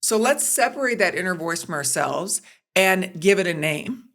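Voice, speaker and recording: This middle-aged woman, guesting on a podcast, talks at normal speed with a voice on the low side. A sports broadcaster and producer, she's a lively storyteller who dramatizes the quotes she relates.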